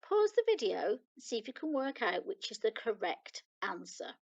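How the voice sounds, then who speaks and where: Gravelly-voiced British woman teaching children. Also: a little high, sing-song, highs cut off. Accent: British English. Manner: patient, reads sentences aloud slowly for children. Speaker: primary school teacher. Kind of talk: recorded online lesson.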